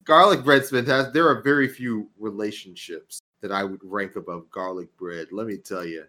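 A podcast co-host in casual chat, joking and animated. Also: low voice, moderate pace.

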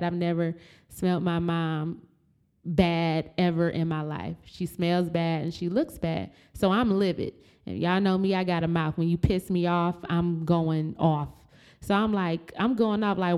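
Animated storytelling woman, swearing freely. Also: lowish voice, clean tone. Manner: animated, swears, acts out shouted quotes. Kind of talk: casual storytelling.

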